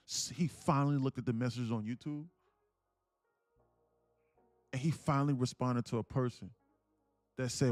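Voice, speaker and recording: A man's voice: mid-range voice, darkish tone, no echo. A young man hosting a live day trading stream, talking passionately and emphatically, swearing freely. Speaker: day trading livestream host.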